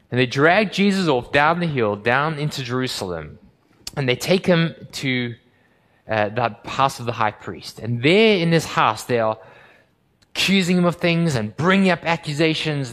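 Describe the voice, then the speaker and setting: A man preaching with a slightly high voice, telling his story dramatically and acting out the voices within it. He sinks into low, slow, solemn tones to drive a point home. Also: long reverb tail. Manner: dramatic storytelling, acting out crowd and Pilate in a raised voice; drops low and slow for quiet, solemn passages. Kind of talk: sermon.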